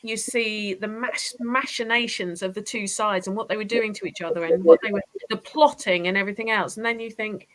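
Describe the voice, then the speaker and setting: A woman's voice: mid-range voice, fairly quick, hardly any pauses, poor audio. Enthusiastic English woman historian guest. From southern England. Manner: enthusiastic, animated storytelling. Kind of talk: casual interview chat.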